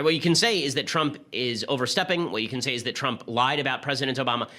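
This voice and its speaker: A man hosting a political commentary show, talking in a rapid, sarcastic, argumentative way. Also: medium pitch, pushed and bright. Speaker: host.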